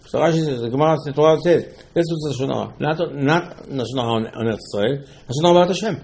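A man giving a Torah lesson, animated, acting out dialogue with rhetorical questions and mixing Hebrew terms into English. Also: a little high, rapid-fire, gravelly, a little hiss or hum. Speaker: Torah teacher. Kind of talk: Torah lesson on the weekly portion.

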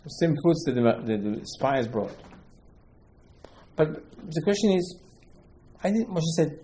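A man's voice: mid-range voice, lively intonation, normal speed, pauses often, mellow, rough recording. A man teaching a Torah lesson, telling the story with acted quotes and a string of rhetorical questions. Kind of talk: animated Torah class.

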